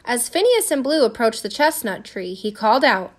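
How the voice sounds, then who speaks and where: A woman reading a storybook aloud with an expressive storytelling cadence. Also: on the high side, normal speed, hardly any pauses. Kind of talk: storybook read-aloud narration.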